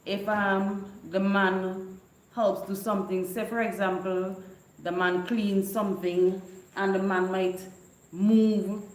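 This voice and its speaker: A woman, chatting casually and telling lively stories with frequent laughter. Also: medium pitch, slow. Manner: lively, laughing often, animated storytelling. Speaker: vlogger. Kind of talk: casual storytelling chat. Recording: echoey room.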